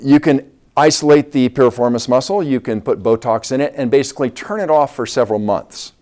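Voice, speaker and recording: A man's voice: mid-range voice, fairly quick, warm tone. A man, a doctor guest, explaining step by step in an interview.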